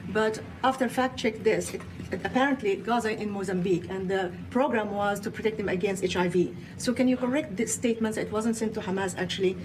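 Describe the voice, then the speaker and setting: A woman's voice: mid-range voice, steady tone, brisk, hardly any pauses, noisy background. A woman reporter asking a hesitant question with "uh" fillers at an office press event.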